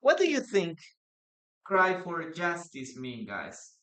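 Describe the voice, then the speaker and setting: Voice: mid-range voice, huge pitch swings, takes it slowly, a bit bright. A teacher gives a live online English lesson, repeating example phrases and reading out student comments. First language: Spanish.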